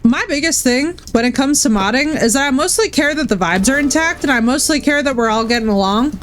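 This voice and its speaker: Her voice sits high and expressive, a little fast, with a slight hiss or hum on the audio. Playing on her Twitch stream, she chats casually with viewers, candid and profane, tossing out bro and dude.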